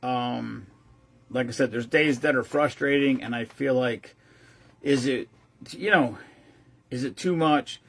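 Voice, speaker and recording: A man's voice: mid-range voice, measured pace, vocal fry, pauses often. A man hosting his own show, telling a long-winded, rambling story casually with lots of restarts. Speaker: host of a veteran care-package group.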